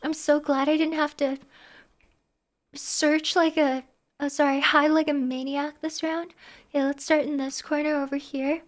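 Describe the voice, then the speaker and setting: A woman's voice: sits high, level tone, unhurried. A woman streaming a game live, chatting to her viewers in a playful, teasing way. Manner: playful, teasing, talks to the chat. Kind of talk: live gameplay chat with viewers.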